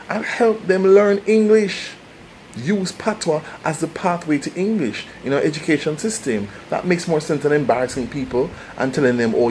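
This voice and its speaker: Passionate Jamaican man with lively pitch. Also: slight background noise, low-quality recording. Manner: passionate, preachy, rhetorical questions. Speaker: vlogger. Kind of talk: opinionated commentary to camera.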